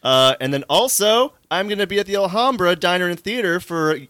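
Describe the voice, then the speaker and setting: A man's voice: high-pitched, animated, fairly quick, sharp tone, dry recording. A man, a guest actor on a podcast, chatting casually and joking with frequent laughter. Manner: jokey, laughs often.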